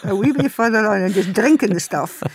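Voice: mid-range voice, animated, brisk, a little hiss or hum. A Scottish radio host chatting in a jokey, playful way with a guest. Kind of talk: casual radio chat.

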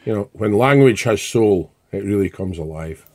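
Teasing guest. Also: male voice, on the low side, lively intonation, normal speed, darkish tone, no room sound. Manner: dry, teasing. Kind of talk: casual chat.

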